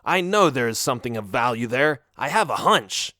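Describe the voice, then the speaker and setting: A brash, reckless young adventurer who fears nothing, put on by a man reading an audiobook. The delivery is pushy and lively in pitch. The sound is dry and close. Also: moderate pace, no room sound.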